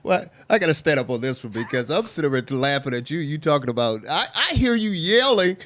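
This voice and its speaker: A man's voice: a little high, big pitch swings, brisk, fairly bright tone, dry recording. A middle-aged man hosting a sports talk show, a former defensive player who tells stories in a heated way and stumbles over his words.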